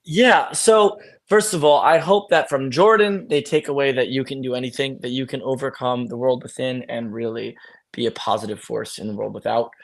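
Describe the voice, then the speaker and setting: A young man, an actor as guest, talking in an animated, storytelling way on a video call. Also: medium pitch, vocal fry. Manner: animated storytelling, acts out friends' voices. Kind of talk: casual video-call interview.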